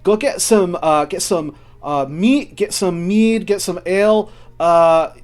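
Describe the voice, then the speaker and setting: A man voicing a gruff, foul-mouthed female dwarf lawmaster who talks in a loud, brash way. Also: high voice, slow pace, voice pushed up. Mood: bossy.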